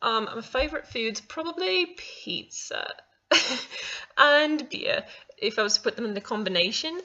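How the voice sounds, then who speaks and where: A woman's voice: medium pitch, pushed and bright. A young woman answering viewer questions while putting on a self-conscious, giggling British accent. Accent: put-on British. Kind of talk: vlog Q&A. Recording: dull lo-fi home recording.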